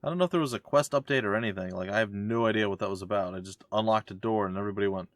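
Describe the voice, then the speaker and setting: A let's play gamer with a fairly low voice talks rapid-fire while playing a game, reading its dialogue aloud and adding wry, joking commentary. There is no echo on the recording.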